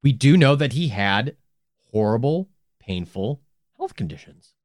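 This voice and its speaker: A man's voice: mid-range voice, lively intonation, measured pace, darkish tone, no room sound, clean studio sound. A man co-hosting a podcast in casual chat, joking and swearing as he riffs. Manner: joking, swearing, playful bits. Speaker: podcast co-host.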